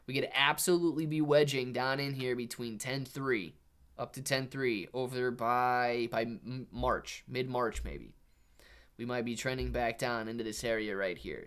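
A young man talks through charts on a live stream in a loose, casual way, tossing "man" and "you know" into his sentences. His voice sits at a middle pitch, and he sounds like he is chatting with regular viewers rather than giving a formal lesson. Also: fairly bright tone. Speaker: livestream host reading chat. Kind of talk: casual live market commentary.

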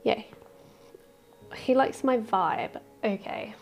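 Excitable woman gushing over a cozy game. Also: a little high, drawn-out words, faint music behind. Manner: gushing and excitable, with squeals and soft murmurs. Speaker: gaming channel host. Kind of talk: casual let's-play commentary.

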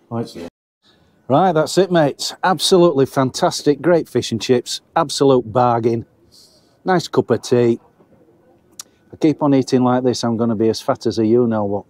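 A man's voice: medium pitch, unhurried, long pauses, darkish tone. A middle-aged man, chatting casually to viewers as his mates while reviewing a pub meal on camera. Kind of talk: casual food review vlog. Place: pub dining area.

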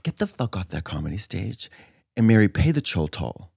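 Brief: man, podcast co-host, campy and sardonic, very animated pitch, dry close sound. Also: normal speed, creaky, breathy edge, dry recording. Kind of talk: casual comedic chat.

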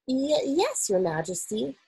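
A woman reading aloud, voicing a polite little girl who answers softly and calmly. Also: high-pitched, measured pace, breathy edge, voice pushed up, heavily acted, low-quality recording. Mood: timid. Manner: soft-spoken and respectful.

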